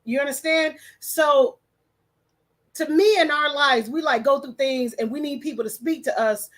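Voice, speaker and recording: A woman's voice: high-pitched, normal speed, fairly bright tone. A woman hosting her livestream at home, chatting casually, greeting viewers and stumbling over names as she reads comments. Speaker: livestream host. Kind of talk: casual livestream chat, reading comments aloud.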